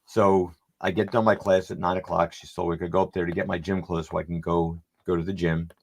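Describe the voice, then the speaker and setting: A man's voice: low voice, flat delivery, fairly quick, vocal fry. A middle-aged man telling a long, rambling story on a podcast and acting out the dialogue as he goes. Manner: rambling, anecdotal, acts out quoted dialogue. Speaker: podcast panelist. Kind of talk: casual storytelling.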